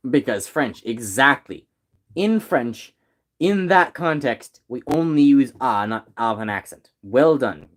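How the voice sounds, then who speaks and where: A man's voice: mid-range voice, animated, measured pace. A young man in casual chat with friends, teasing them in a mock-teacherly way.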